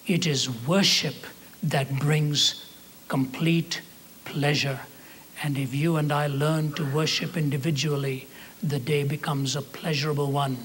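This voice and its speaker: A man in his seventies preaching a sermon, telling a story in a measured, earnest way and slowing down for emphasis. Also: a little high, a bit bright, a little hiss or hum.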